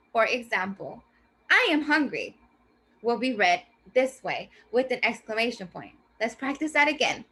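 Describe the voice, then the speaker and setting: A woman teacher presents a reading lesson, spelling each step out clearly and patiently. Her voice is bright and pitched a little high. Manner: slow, clear teacherly explanation. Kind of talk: scripted classroom presentation.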